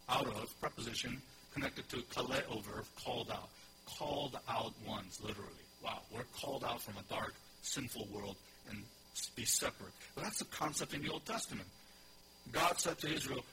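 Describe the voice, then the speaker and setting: In a middle-pitched voice, a pastor preaches a teaching sermon, emphasizing and repeating key phrases while posing questions to the congregation. Steady background noise and a low hum run through the recording.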